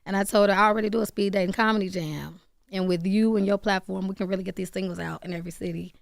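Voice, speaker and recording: Gravelly, laughing woman comedian. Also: medium pitch, steady tone, quick pace, no room sound, studio quality. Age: 30s. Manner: loud, laughing, swears freely. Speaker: comedian guest. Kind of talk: casual radio interview chat.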